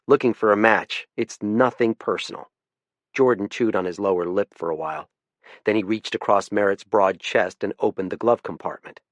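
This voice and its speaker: A man's voice: fairly low pitch, dry recording. A man narrating a first-person mystery audiobook in a dry, understated manner.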